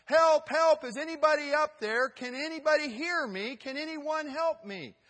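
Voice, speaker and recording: A preacher voicing a panicky young man stranded on a cliff, shouting and pleading in a raised voice. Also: high-pitched, expressive, a little slow, breathy edge, pitched above the performer's own voice, heavily acted. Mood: desperate.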